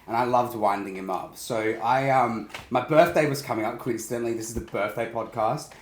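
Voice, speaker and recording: A man's voice: mid-range voice, a little fast. A man, a podcast co-host telling a rambling, self-mocking story and laughing often. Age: 20s. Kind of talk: casual chat, storytelling. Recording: echoey room with background noise.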